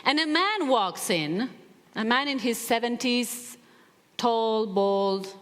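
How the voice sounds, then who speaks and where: Woman motivational speaker, expressive storyteller, mid-high voice, long hall reverb. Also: takes it slowly. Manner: animated, acts out quoted voices.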